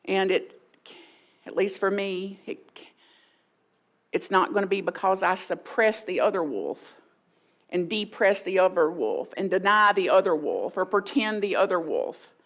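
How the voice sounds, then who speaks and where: A woman's voice: mid-range voice, animated, measured pace, fairly bright tone. A middle-aged woman, preaching a sermon in a folksy, playful way and acting out inner voices for the congregation. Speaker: guest minister.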